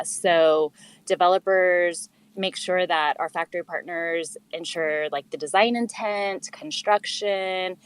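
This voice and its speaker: A middle-aged woman, a guest on an online chat, explaining her work in a friendly way with fillers. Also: lowish voice. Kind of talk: casual chat.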